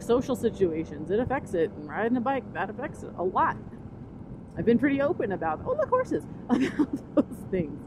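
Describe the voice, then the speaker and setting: A woman with a voice on the high side talks casually while riding, an excitable, distractible motovlogger whose thoughts jump all over the place. Her helmet camera mic records her outdoors on the motorcycle amid wind, engine roar, and road and vehicle noise.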